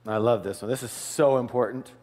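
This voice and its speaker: A man giving a live seminar talk, lively, quizzing the audience with call-and-response questions. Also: mid-range voice, fairly quick. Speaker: seminar speaker. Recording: long hall reverb.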